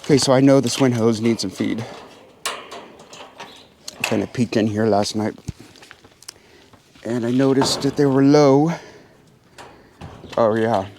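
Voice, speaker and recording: Bird-keeper vlogger, man, chatty, mid-pitched voice, slips into a higher coaxing tone when he addresses his birds. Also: slow pace, long pauses, background noise. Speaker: pheasant farmer and channel host. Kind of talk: casual vlog narration while doing chores. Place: outdoor aviary pens.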